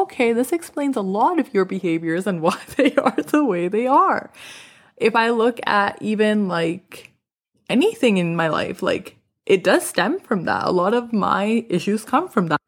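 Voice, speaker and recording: A young woman podcast host in casual reflective talk, speaking candidly and filling her sentences with "like" as she tells stories. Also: mid-range voice. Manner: candid, animated storytelling with frequent "like" fillers.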